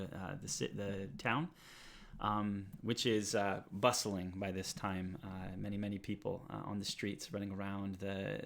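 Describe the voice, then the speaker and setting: A man narrating a tabletop game as game master, halting with many filler sounds. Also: fairly low pitch, creaky.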